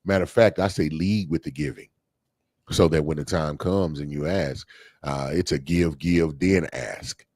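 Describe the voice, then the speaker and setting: A man's voice: extremely low pitch, a little slow, a little mellow, no echo. A man co-hosting a podcast, talking things through in a casual, thoughtful way with fillers and restarts. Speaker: podcast co-host. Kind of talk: casual discussion.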